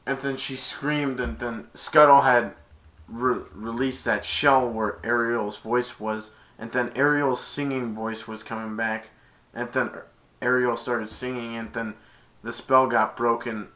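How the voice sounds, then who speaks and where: A man's voice: medium pitch, steady tone, a little slow, pushed and bright. A man casually recapping a cartoon's plot, rambling and correcting himself as he goes. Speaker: movie reviewer.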